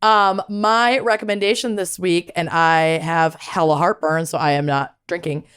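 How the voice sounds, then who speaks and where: Low-ish woman's voice, playful goofy co-host, casual banter. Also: fairly even intonation, moderate pace, a bit bright, smooth. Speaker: podcast co-host. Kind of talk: casual chat.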